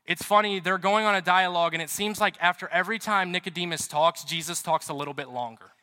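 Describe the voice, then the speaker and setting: A man's voice: high-pitched, fast, sharp tone. A man preaching a sermon as pastor, chatty and storytelling, with emphatic repetition. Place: church. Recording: reverberant hall.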